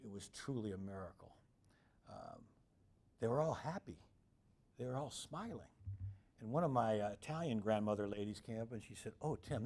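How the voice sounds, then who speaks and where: A man's voice: fairly low pitch, husky. Storytelling man giving a lecture. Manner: animated anecdotes, acting out quoted voices.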